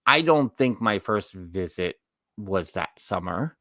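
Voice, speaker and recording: A deep, slow, animated voice with a bit of brightness belongs to a man in his forties with a New York accent, co-hosting a casual theme park podcast. His stories ramble and he corrects himself mid-sentence, and there's no echo.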